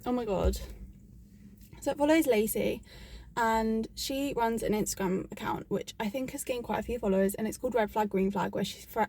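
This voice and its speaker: A woman's voice: fairly high pitch, dark tone, a little hiss or hum. A woman book vlogger talking in a casual, chatty and rambling way, with frequent "like", into a phone she holds. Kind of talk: casual vlog chat.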